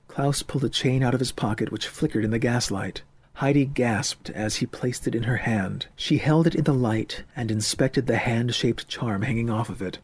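A man's voice: medium pitch, moderate pace, a little mellow, breathy edge, no echo. Male audiobook narrator, dry close sound. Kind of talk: scripted narration.

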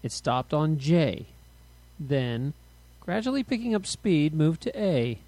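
An expressive male storyteller reading a spooky tale aloud. His voice sits a bit high and rises and falls freely. The recording is close and dry. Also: takes it slowly, dry recording. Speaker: narrator. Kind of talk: audiobook narration.

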